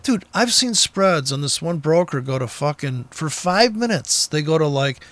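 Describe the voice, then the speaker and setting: A man's voice: fairly high pitch, expressive, normal speed, hardly any pauses, a bit bright. A man giving blunt, profane, combative trading commentary in an unscripted rant, speaking from a car with the window down.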